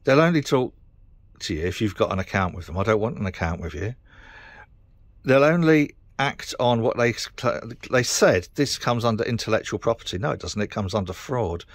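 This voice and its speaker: A middle-aged British man rants to camera, frustrated and sweary, rambling from one complaint to the next. His voice sits fairly low, and the sound is dry and close. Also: animated, normal speed, no echo. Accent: British English. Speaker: vlogger. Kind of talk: casual rant to camera.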